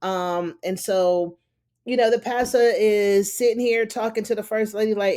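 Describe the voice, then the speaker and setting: A woman's voice: medium pitch, moderate pace, mellow. A woman recapping a TV episode in a loose, chatty way, full of "you know" and "honey". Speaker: TV recap reviewer. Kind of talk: casual spoken episode recap.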